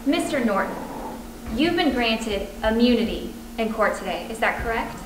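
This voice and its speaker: A woman's voice: on the high side, lively intonation, moderate pace. Woman law student, pointed questioning. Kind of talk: mock cross-examination practice. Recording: echoey room with background noise.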